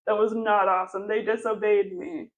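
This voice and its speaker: A man's voice: sits high, flat delivery, normal speed, a bit bright, low-quality recording. A woman playing a flustered male youth pastor who sputters exasperated questions. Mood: stern.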